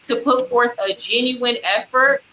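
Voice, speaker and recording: Woman panel guest, bright tone, emphatic and advising, light background hiss. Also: on the high side, measured pace, low-quality recording. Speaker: podcast guest. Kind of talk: casual panel discussion.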